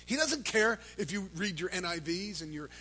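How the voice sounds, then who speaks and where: A man preaching a sermon at a church service, swinging from shouted calls to the crowd to quiet, intense talk. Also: sits high, animated, normal speed. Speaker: pastor.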